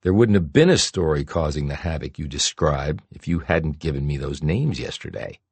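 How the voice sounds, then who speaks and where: A man voicing a sharp, self-assured female TV reporter who is brisk and cutting, in an audiobook. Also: extremely low pitch, lively intonation, breathy edge, dry recording, exaggerated voice. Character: sharp, ambitious woman TV reporter.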